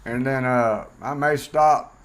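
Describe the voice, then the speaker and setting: A man's voice: mid-range voice, takes it slowly, smooth. A middle-aged man talking bluntly and plainly in a casual vlog monologue, rambling with fillers. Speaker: vlogger host.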